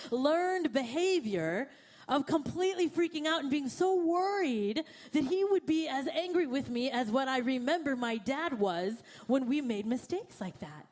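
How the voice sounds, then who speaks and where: A young woman preaching a sermon, telling a personal story and acting out her own panicked thoughts. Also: high voice. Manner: animated, acts out her own panicked quotes. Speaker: pastor.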